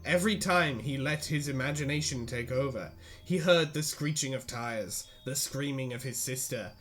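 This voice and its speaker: A man's voice: medium pitch, normal speed, a bit bright, faint music behind. A man reading a story aloud to friends, breaking off for sarcastic jokes and laughing between lines. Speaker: reader and co-host.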